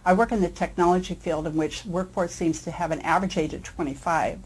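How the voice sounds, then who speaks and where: A woman in her fifties giving a measured, prepared testimonial as a surgery patient. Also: lowish voice, fairly even intonation, breathy edge, rough recording. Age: 50s.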